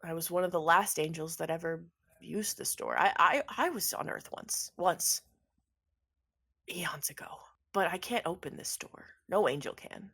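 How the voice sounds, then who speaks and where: A woman's voice: fairly low pitch, normal speed, a bit bright, slightly rough. A woman voicing a nervous, defensive male angel who stammers. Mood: solemn.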